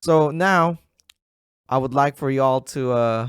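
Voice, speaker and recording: A man's voice: medium pitch, a little slow, smooth, no echo. A man co-hosting a podcast in a studio, chatting casually and swearing freely. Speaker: podcast co-host. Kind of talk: casual chat.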